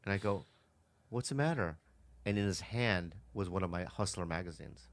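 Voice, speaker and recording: A male podcast co-host telling a funny story in casual chat, halting and restarting and laughing into his punchlines. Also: low-pitched, steady tone.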